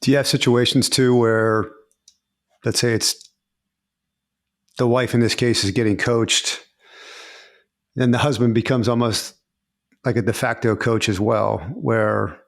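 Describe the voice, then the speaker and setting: A man's voice: mid-range voice, steady tone, a little slow, vocal fry, long pauses. A man hosting a podcast, asking long conversational questions with easy fillers. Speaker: podcast host. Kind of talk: casual podcast interview.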